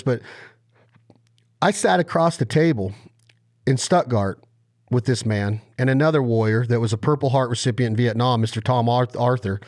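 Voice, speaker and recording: A man hosting a podcast interview, telling stories in an animated, impassioned way. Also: mid-range voice. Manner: animated storyteller, impassioned and emphatic. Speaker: podcast host.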